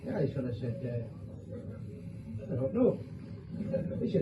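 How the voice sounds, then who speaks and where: A medium-pitched man takes his time telling bawdy jokes, very animated, swearing freely and voicing each character differently. The lo-fi phone recording, made from a distance in an echoey room, has a noisy background.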